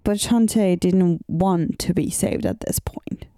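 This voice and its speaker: A woman co-hosting a casual podcast, calmly talking through a comic's story. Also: on the low side, slow pace, dry recording, studio quality. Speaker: podcast co-host. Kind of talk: casual chat about a comic series.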